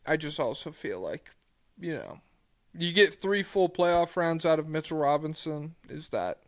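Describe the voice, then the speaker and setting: A man's voice: on the high side, animated, unhurried, dry recording, clean studio sound. A man co-hosting a casual sports podcast, laughing often and slipping into mocking voices. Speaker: podcast co-host.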